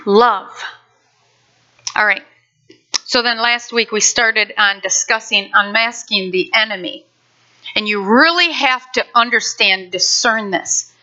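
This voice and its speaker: Bright, lively woman pastor preaching. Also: mid-range voice, slow, pauses often, dull audio. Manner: lively, conversational preaching with playful asides. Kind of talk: sermon. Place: church sanctuary.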